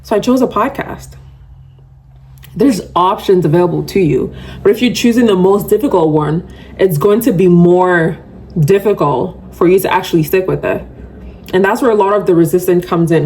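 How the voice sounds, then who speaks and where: A woman's voice: fairly low pitch, a little mellow. A woman hosting her own podcast, talking casually and chattily to listeners, with frequent laughs and a self-described love of yapping. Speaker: podcast host. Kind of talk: casual solo podcast talk.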